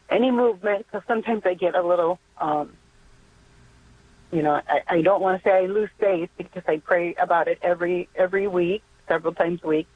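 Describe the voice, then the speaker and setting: An older woman calling in to a radio show, speaking hesitantly with many pauses and fillers. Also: on the low side. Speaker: caller. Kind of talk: call-in radio prayer request. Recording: tinny phone line.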